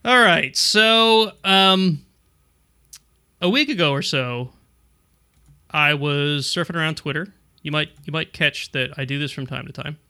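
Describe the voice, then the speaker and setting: A man's voice: fairly high pitch, a little slow, pauses often, pushed and bright, clean tone. A middle-aged man co-hosting a casual tech podcast, rambling and restarting his sentences with frequent chuckles. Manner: rambling, self-interrupting, chuckling. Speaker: podcast co-host.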